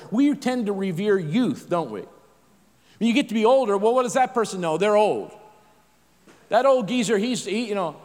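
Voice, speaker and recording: A man's voice: sits high, big-room sound. A middle-aged man preaching a sermon in a conversational way, with self-deprecating asides and frequent restarts.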